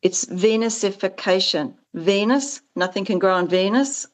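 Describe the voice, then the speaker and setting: A woman guest in a conversational interview, talking about her work with earnest conviction. Her pitch sits mid-range for a woman, and she bounds up high when acting out what others said to her. She talks in long, winding stretches, often restarting her sentences. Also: normal speed. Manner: earnest, animated, acts out quoted exchanges with sharp rises in pitch. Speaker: guest, founder of a farming support business.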